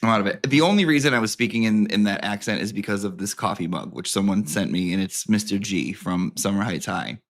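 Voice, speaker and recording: A man's voice: on the low side, brisk, few pauses. A man hosting a casual home vlog, rambling and joking with plenty of swearing as he reads aloud. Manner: rambling, profane, jokey. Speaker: host. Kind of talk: casual vlog chat and reading.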